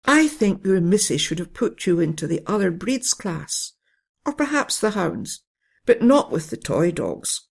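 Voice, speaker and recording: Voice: medium pitch, a little slow, creaky, breathy edge, heavily acted. A narrator doing a kind old police dog. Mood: explaining. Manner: calm, fatherly, explaining. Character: big, kind male police dog, a German shepherd.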